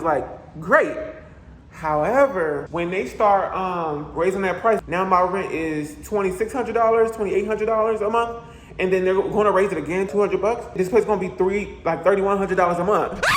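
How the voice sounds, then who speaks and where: Man, casual vlog rant, slightly high voice, roomy apartment echo, faint background hum. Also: normal speed. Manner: chatty, animated, with playful asides. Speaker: vlogger. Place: echoey apartment. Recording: echoey room with faint ambience.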